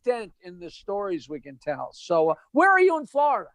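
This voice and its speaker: High-voiced, punchy comedian man. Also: huge pitch swings, a bit bright, no room sound. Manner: rapid, punchy storyteller, laughs at his own punchlines. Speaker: comedian guest. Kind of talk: casual joke-telling chat.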